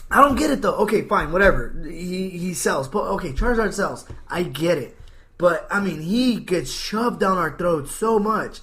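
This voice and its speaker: A man's voice: sits high, unhurried. A man hosting a casual podcast, ranting playfully and joking with his guest. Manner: animated, ranting, jokey. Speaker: podcast host.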